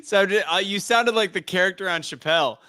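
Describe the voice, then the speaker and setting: A man's voice: high voice, a little fast, pushed and bright, clear, resonant tone, no echo, studio quality. A man hosting a podcast interview, talking casually and hesitantly with many fillers. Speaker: host.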